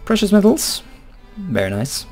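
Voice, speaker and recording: A man with a fairly high voice talks through his strategy game in a loose, rambling way, chuckling and dropping casual swears. Soft music plays quietly underneath him. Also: very animated, measured pace. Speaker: let's play host. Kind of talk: casual gameplay commentary.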